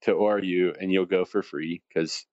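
Man, interview guest, low voice, animated storytelling, dull dry sound. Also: normal speed, dry recording. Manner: animated, acts out quoted voices. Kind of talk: conversational storytelling.

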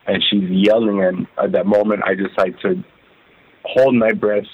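A man telling his own story as an interview guest, halting and repeating words as he recounts it. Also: on the low side, flat delivery, breathy edge. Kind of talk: emotional first-person testimony. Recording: phone-like narrow band.

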